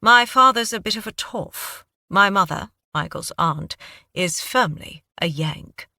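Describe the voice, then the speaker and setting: Woman reading a wry, refined British-accented male scholar, bright tone, dry sound. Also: high-pitched, lively intonation, a little slow, no echo, heavily acted. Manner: urbane, self-deprecating.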